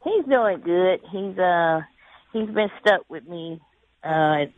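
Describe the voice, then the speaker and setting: A woman's voice: on the low side, lively intonation, slow pace, background noise. A woman guest talking casually in a laid-back, rambling way and laughing often, calling in by phone. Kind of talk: casual interview chat. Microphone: phone call. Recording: tinny phone line.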